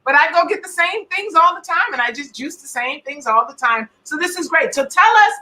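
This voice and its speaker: A woman co-hosting a casual talk show, chatty and excitable, sometimes trailing off mid-thought. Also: extremely high pitch, a little fast, poor audio. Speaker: co-host. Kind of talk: casual chat.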